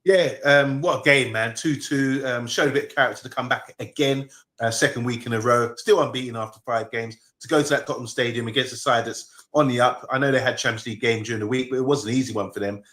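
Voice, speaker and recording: A man's voice: mid-range voice, steady tone, quick pace, fairly bright tone. A man co-hosting a fan show, giving easygoing, rambling analysis of a match. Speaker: co-host pundit. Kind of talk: casual football chat.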